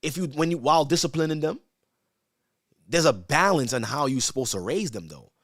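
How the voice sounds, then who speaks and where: A man who is a church elder, teaching from the Bible in a casual, conversational way, asking rhetorical questions and reading verses slowly with emphasis. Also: a little high, expressive, fairly bright tone, no room sound, clean studio sound. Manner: conversational, asks rhetorical "right?", stammers repeats.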